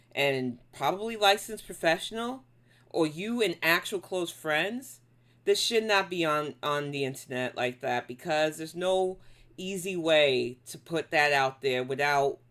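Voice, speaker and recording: A woman's voice: fairly low pitch, fairly bright tone. A woman hosting a casual live stream, reacting to videos and bluntly scolding trolls in her chat.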